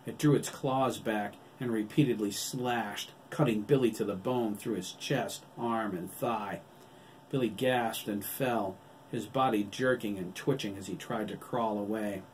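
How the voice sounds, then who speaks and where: Low-voiced man narrating an audiobook. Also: measured pace, a little hiss or hum. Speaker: author reading his novel.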